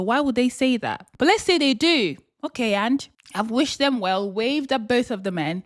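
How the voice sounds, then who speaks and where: Animated young woman vlogger, dry close sound. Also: a little high, dry recording. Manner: animated, bursts into exaggerated excited voices and laughter. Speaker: lifestyle vlogger. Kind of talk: casual motivational monologue.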